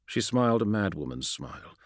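Expressive male audiobook narrator. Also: on the low side, fairly quick, no echo, studio quality. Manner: expressive, dramatic storytelling. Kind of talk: scripted narration.

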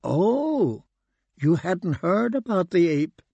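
Brisk young woman as a male narrator puts her on, short and to the point, voiced a bit higher in a dry, close reading. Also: animated, dry recording.

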